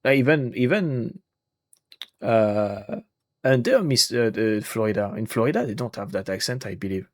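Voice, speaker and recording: A man's voice: mid-range voice, animated, normal speed, no echo. Man, casual gaming commentary, joking, reads dialogue aloud, dry sound. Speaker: gaming YouTuber. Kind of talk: casual let's-play commentary.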